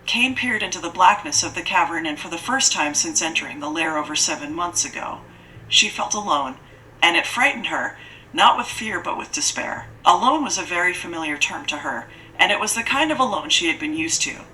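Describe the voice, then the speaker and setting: A woman narrating a mystery audiobook in a steady storytelling delivery. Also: lowish voice, a little fast, slight background noise, low-quality recording.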